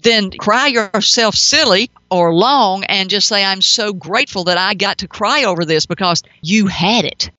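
Middle-aged woman, radio host, bright tone, dry close sound, slightly muffled, emphatic. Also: medium pitch, unhurried, few pauses, no echo. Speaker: pet psychic radio host. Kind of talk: call-in advice talk.

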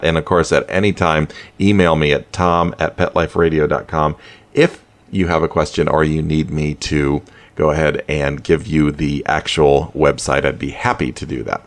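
A man hosting a pet radio show, chatting in a casual, animated way with chuckling asides. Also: deep voice. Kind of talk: casual podcast talk.

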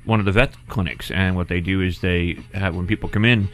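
A middle-aged man with a fairly low voice hosts a casual radio talk show. He rambles loosely, dropping fillers and quick asides between on-air announcements. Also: steady tone, faint music behind.

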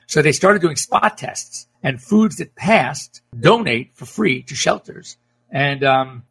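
A man's voice: a little high, gravelly, fairly bright tone, slight background noise. A middle-aged man, a veterinarian, hosting a casual radio talk show, rambling and chatty with frequent self-corrections.

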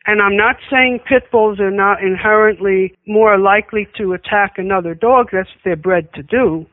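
A woman's voice: medium pitch, normal speed, no room sound. A woman on a call-in radio show, coming through a thin, tinny telephone line. Her delivery is plain and matter-of-fact as she tells dog stories, and the sound is dry with no room around it. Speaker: call-in guest, dog trainer. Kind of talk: casual radio chat.

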